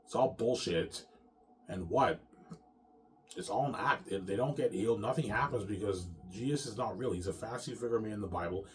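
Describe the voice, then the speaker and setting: A man's voice: lowish voice, moderate pace. A man talking straight to his viewers in a long, rambling monologue, swearing freely and repeating himself, tagging lines with "man" and "yeah". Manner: profane, repetitive, ending lines with "man" and "yeah". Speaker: vlogger.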